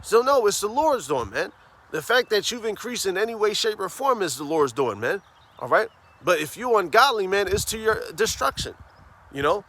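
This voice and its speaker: A man preaching on the street, fervent, tagging phrases with "man" and "all right?" and reading scripture slowly and emphatically. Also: sits high, very animated, fairly bright tone. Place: outdoors on a city street.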